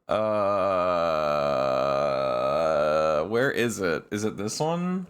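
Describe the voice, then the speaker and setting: A male streamer chats casually on a live stream, rambling with fillers and laughter and frequently leaping into high, shrieking protests. His tone is clean and slightly bright.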